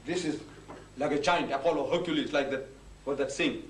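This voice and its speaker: Man preaching, high voice, rhetorical questions, echoey room heard from afar. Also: brisk. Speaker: Islamic preacher. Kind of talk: religious lecture to an audience. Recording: echoey room from a distance, faint ambience.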